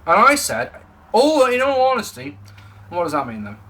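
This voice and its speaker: An Englishman rants through a casual review of a wrestling show, swearing freely. His bright voice leaps up and down in pitch as he gets worked up. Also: moderate pace. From England. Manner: animated, sweary ranting.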